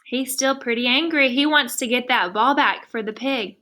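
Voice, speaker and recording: Woman teacher doing a picture book read-aloud for little kids, patient, tons of questions, kinda high voice. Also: normal speed, bright, forceful tone. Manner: patient, asks many questions. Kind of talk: reading a picture book aloud to young students.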